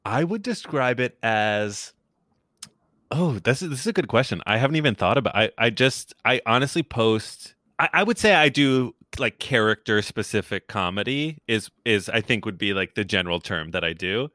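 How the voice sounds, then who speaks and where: Guest man, bright crisp tone, dry mic, rambling and laughing. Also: mid-range voice, animated, normal speed, no room sound. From New York. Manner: rambling, many restarts, laughs often. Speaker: guest, comedian. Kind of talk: casual podcast chat.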